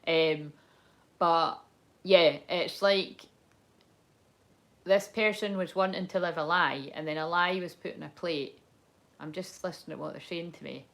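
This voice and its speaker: A woman's voice: lowish voice, fairly even intonation, a little slow, pauses often, a bit bright. Young woman rambling through a tarot reading, swears a lot, super casual. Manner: rambling, candid, swears and laughs often. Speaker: tarot card reader.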